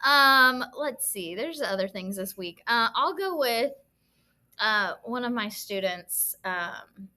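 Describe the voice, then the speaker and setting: Animated, high-voiced woman telling teacher stories. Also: takes it slowly. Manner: animated storytelling, acting out the people she quotes; laughs often while telling stories. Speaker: teacher and podcast co-host. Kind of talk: casual chat.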